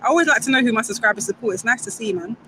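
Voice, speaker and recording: A young woman chats brightly on a live stream, reading out viewers' comments and firing back playful banter. She is from Grenada and Saint Vincent and speaks outdoors by a football ground, with faint traffic humming behind her. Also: a little high, very fast, poor audio. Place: outdoors near a football stadium.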